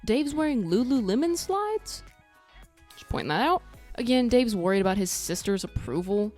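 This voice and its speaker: A woman's voice: a little high, sing-song, moderate pace, a little mellow, soft background music. A woman recapping a reality show in a casual vlog, blunt and sarcastic, swearing freely. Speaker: TV recap vlogger.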